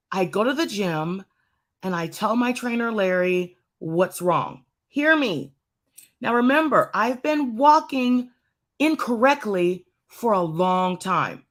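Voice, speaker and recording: A woman sharing a personal story with a congregation in a conversational way, repeating phrases for emphasis and drawing the listeners in. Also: mid-range voice. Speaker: church speaker.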